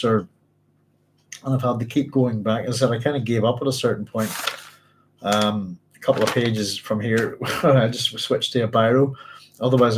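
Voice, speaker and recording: A man's voice: medium pitch, poor audio. A man, hosting a book club, reads passages aloud and stops often to check his notes and apologise in a chatty way. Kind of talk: reading aloud with casual commentary.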